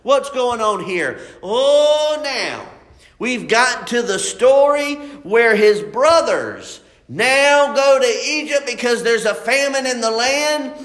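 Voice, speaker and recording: Guy preaching, voice sits up high, folksy and emphatic, says things twice. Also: sing-song, takes it slowly, a bit bright. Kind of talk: sermon.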